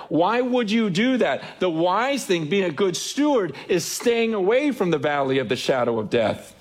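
Pastor, male, fairly high voice, heartfelt sermon delivery with quoted inner dialogue. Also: lively intonation, moderate pace, hardly any pauses. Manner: earnest, self-questioning preaching with acted-out inner voices.

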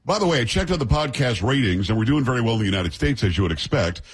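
A middle-aged man hosts a radio talk show in a relaxed, joking way. His voice is a little husky, and he banters easily with a sidekick between segments. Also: medium pitch, fast. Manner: chatty, jokey banter with sidekick.

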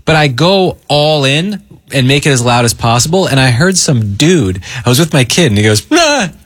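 A man's voice: medium pitch, moderate pace, dry recording. A man hosting a morning radio show, chatting casually and telling stories with lots of laughter. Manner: animated, laughing, storytelling.

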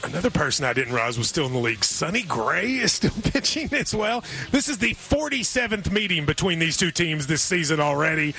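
A man's voice: fairly high pitch, sing-song, creaky, bright, forceful tone, soft background music. A man hosting a sports radio show, chatting casually and joking about betting picks. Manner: joking, offhand, quick asides.

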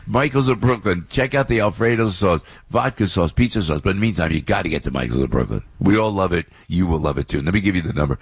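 A man hosting morning talk radio from a studio, rambling and excitable. His voice sits fairly low with a husky grain. He jumps between reading a live ad and chatting with his guest. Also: quick pace, hardly any pauses. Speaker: radio talk show host.

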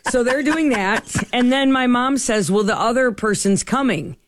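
A middle-aged woman host in casual chat, telling stories in an animated way and acting out what people said. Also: on the high side, moderate pace, a little hiss or hum. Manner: animated, acts out quoted dialogue.

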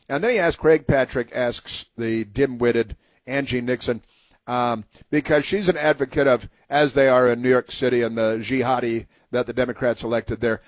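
Radio talk host, man, mid-pitched, mocking monologue, dry booth sound. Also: no echo. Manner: sarcastic, mocking, rambling with fillers.

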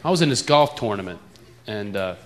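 A male stand-up comedian with an East Coast American accent, halting and self-mocking as he fumbles his words. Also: fairly low pitch, expressive, very noisy. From eastern United States. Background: loud laughing audience.

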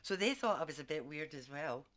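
An Australian woman, a psychic and former community worker, telling stories in a lively, laughing way as a guest. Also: deep voice. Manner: animated, laughs often, quick asides. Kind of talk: storytelling in casual conversation.

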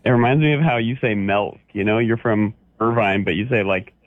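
A man's voice: on the low side, brisk, no echo. A man in his sixties from Orange County, calling into a radio show and playfully ribbing the host. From Orange County, California. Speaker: caller. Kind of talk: casual call-in radio banter. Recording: tinny dry phone line.

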